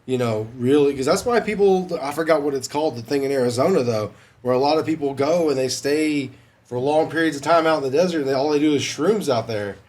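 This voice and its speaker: A man who is a paranormal investigator, telling lively stories in a casual podcast chat. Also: on the high side, quick pace. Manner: animated storyteller, laughs while talking.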